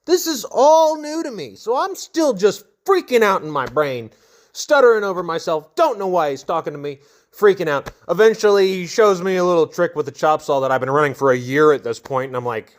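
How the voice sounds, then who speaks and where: A man's voice: sits high, very animated, a little fast. A young man casually telling a funny, self-deprecating story from his construction work days.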